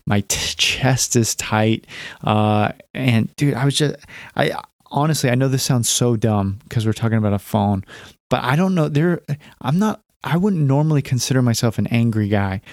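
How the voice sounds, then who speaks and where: A man's voice: mid-range voice, lively intonation, normal speed, a little mellow, no room sound, studio quality. A man in his thirties hosting a podcast, telling a personal story in a candid, rambling way with many fillers and restarts. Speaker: podcast host. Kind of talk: casual storytelling monologue.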